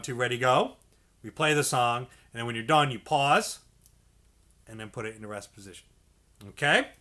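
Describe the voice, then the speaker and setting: A man's voice: mid-range voice, pushed and bright. A man teaching a beginner clarinet lesson, patient and encouraging, checking in with "okay" and "all right" and singing note syllables to demonstrate. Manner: sings syllables to demonstrate notes. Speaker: music teacher. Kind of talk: instructional video lesson.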